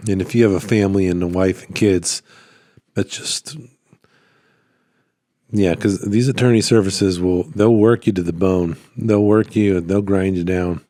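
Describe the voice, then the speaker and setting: A man vlogging about his small business in a rambling, relaxed way, his voice a little worn. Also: deep voice, unhurried, dry recording, studio quality. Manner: rambling, relaxed, lots of fillers and restarts. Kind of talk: casual talking-head vlog. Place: at home by his computer. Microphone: phone.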